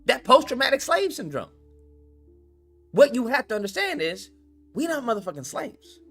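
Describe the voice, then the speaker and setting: Animated, profane male ranter. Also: very high-pitched, moderate pace, faint music behind. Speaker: channel host. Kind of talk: commentary rant.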